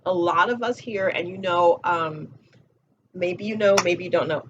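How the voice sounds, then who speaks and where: A woman's voice: lowish voice, unhurried, muffled recording, noisy background. A woman giving a casual motivational talk as a spiritual coach, blunt and profane, repeating her key phrases.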